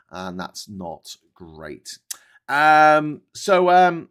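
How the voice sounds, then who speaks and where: A man's voice: a little high, very animated, drawn-out words, fairly bright tone, smooth. A man with a Scouse accent from Liverpool hosting a casual news commentary show, chatty and opinionated, with many fillers and restarts. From Liverpool, England. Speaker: host.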